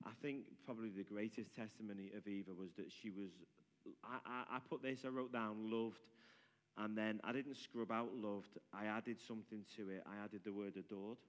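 A church leader, a man, introducing a testimony in a halting way with frequent restarts. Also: fairly low pitch, steady tone. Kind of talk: leading a church service. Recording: long hall reverb.

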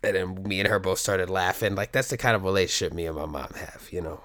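Middle-aged man, casual monologue to viewers, candid and profane, rambling, somewhat low voice. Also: quick pace, a bit bright. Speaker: coach.

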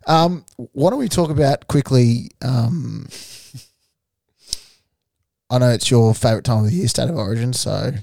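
Gravelly, laid-back guy. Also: medium pitch, measured pace, pauses often, dark tone, no room sound. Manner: laid-back, dry teasing. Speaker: podcast co-host. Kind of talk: casual chat. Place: studio.

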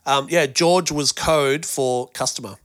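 An Australian man chatting as a podcast guest, his voice bright and forward. He tells stories with animated energy, often doubling up his words at the start of a thought. The sound is dry and close, with little room around it. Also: medium pitch, a little slow, clean tone, no echo. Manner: storytelling, animated, repeats words when starting. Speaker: guest musician and presenter. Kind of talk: casual podcast chat.

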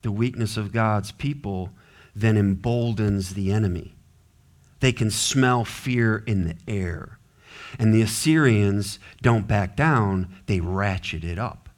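A man pastor preaching an expository sermon, animated and acting out characters with varied voices. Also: fairly low pitch, slow pace. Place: church sanctuary.

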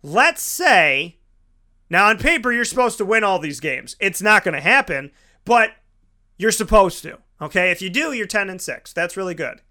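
A man's voice: high-pitched, very animated, normal speed, sharp tone. A man hosting a show, giving opinionated football commentary with emphatic, repetitive ranting. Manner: emphatic, ranting, repeats for effect. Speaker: sports show host.

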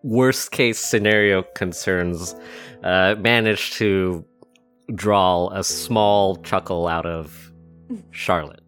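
A man's voice: deep voice, fairly even intonation, slow pace, a bit bright, faint music behind. A man narrating a tabletop game as game master, in a casual way with many fillers.

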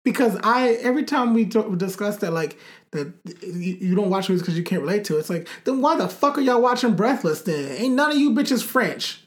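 A man's voice: high-pitched, lively intonation, a little fast. A man co-hosting a casual chat, talking bluntly and emphatically, with profane and fiery rants.

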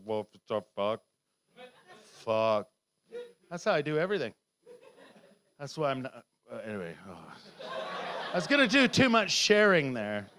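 A man's voice: mid-range voice, fairly bright tone, clean tone. A man doing surreal stand-up comedy and chatting about his set, absurd and sweary. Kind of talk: surreal stand-up with interview chat.

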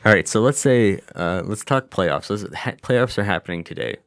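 Deep-voiced, blunt male podcaster, dry sound. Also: expressive, moderate pace, no echo. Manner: loose, blunt, swears casually. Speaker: podcast co-host leading a segment. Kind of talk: casual sports chat.

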